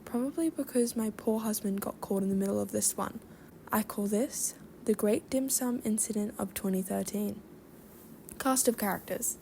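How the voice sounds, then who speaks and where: A woman reading online stories aloud in an even, conversational way, with brief asides of her own. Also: medium pitch, vocal fry, slight background noise. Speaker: story reader.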